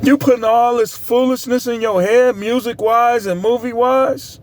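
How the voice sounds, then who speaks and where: This is a middle-aged man with a fairly high-pitched voice, talking straight to camera in a casual monologue. He is blunt and preachy, leaning hard on his words. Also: fairly even intonation, normal speed. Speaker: vlogger.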